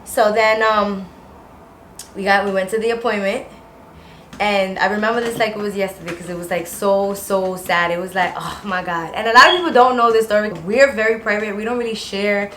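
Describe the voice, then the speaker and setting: A woman's voice: mid-range voice, fairly even intonation, a little fast, a bit bright. Young woman vlogger, casual rambling storyteller, echoey room. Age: young adult. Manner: talks in long run-on rambles with many "like"s. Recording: echoey room with faint noise.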